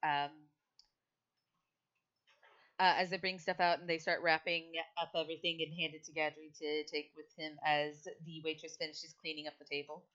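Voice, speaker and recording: A woman's voice: sits low, flat delivery, moderate pace, fairly bright tone, lo-fi sound. A woman narrating a tabletop game as game master, in a casual, laughing way.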